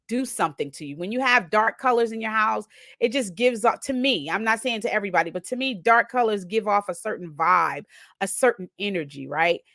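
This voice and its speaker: Animated woman telling a personal story. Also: medium pitch, dry recording, clean studio sound. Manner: animated, acts out her own inner thoughts; frequently adds "right?" tags. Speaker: host.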